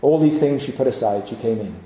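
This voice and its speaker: Earnest preacher in an echoey hall. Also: male voice, medium pitch, brisk, warm tone, slight background noise. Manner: earnest, pleading rhetorical questions with many repetitions. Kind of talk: evening sermon.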